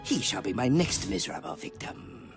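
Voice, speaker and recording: A man's voice: mid-range voice, very animated, moderate pace, gravelly, music in the background. An actor voicing an arrogant male kung fu villain priest who speaks grandly and mockingly. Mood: gloating.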